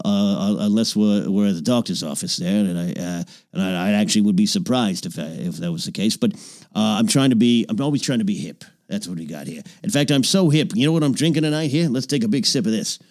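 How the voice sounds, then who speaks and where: A man plays an aging old-Hollywood film producer hosting a comedy podcast. He rambles from story to story, name-drops, and slips into low confidential mutters. His mid-range voice sounds dry and close, as if recorded in a small home nook. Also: a little mellow, dry recording, lightly acted. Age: older. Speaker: podcast host in character. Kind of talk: improvised character comedy podcast.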